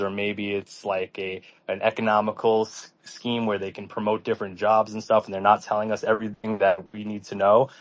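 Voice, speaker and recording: Low, flat-voiced man on a dull mic. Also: dry recording. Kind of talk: casual podcast chat.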